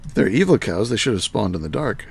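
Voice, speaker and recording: Man, live-streaming gamer, very low pitch, thinking aloud, chatting to viewers. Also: very animated, quick pace, creaky, husky. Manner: muttering to himself as he works, chatting to viewers. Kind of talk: thinking aloud while playing a game live.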